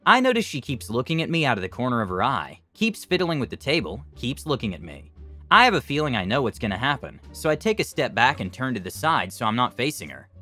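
A man narrating online stories in a scripted, expressive storytelling style. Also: medium pitch.

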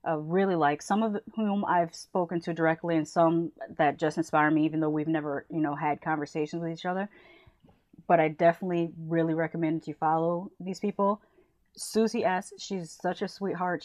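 Chatty woman with a low voice. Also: darkish tone, dry recording. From United States. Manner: chatty, enthusiastic, giggly. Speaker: movie review YouTuber. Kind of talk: casual channel shout-outs.

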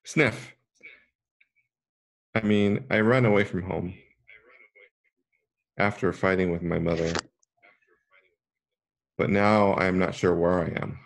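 A man voicing a stubborn, lonely tree girl who ran away from home, read softly and plainly. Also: low-pitched, fairly even intonation, slow, vocal fry, long pauses, heavily acted. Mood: upset.

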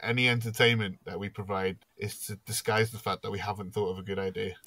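A man's voice: fairly low pitch, little pitch movement, fast talker, sharp tone, dry recording. A man hosting a casual podcast, wry and teasing as he runs the segment. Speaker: podcast host.

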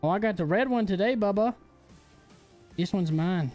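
Playful young dad streaming a game. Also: male voice, high voice, normal speed, darkish tone, soft background music. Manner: playful, chatty, talks to his baby son and chat. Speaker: livestreamer and father. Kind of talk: casual gaming livestream chat.

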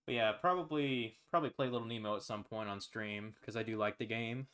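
Low-voiced man chatting casually on stream. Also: fairly quick, clean tone. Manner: rambling, relaxed, swears casually, many fillers. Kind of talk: casual chat.

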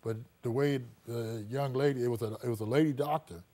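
A man's voice: mid-range voice, a little fast, mellow. Middle-aged guy telling his story, lots of you knows, does the voices when he quotes people. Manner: chatty, full of "you know", acts out quoted dialogue. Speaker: interview guest, former athlete and patient. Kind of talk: casual storytelling interview.

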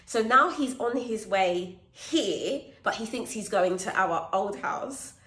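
A woman's voice: mid-range voice, animated, slow pace, a bit bright, echoey room. A woman, chatting casually and teasing playfully in a vlog. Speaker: vlogger.

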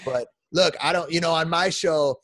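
A man's voice: a little high, normal speed, fairly bright tone, dry recording. Fortyish male guest, emphatic impassioned rant, dry closely miked voice. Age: 40s. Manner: passionate, emphatic, many restarts and repeats. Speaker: podcast guest.

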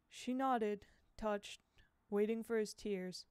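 Smooth-voiced woman reading a novel. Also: medium pitch, dry recording. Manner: measured, expressive. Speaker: audiobook reader.

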